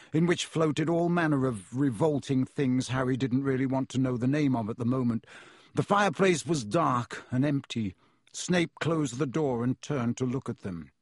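A man reading a storybook aloud in a measured, expressive way. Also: mid-range voice, no echo, clean studio sound. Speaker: audiobook narrator.

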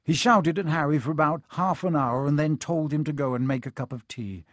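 A man narrating a story in a measured, expressive storytelling manner. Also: fairly high pitch, dry recording, clean studio sound. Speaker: audiobook narrator.

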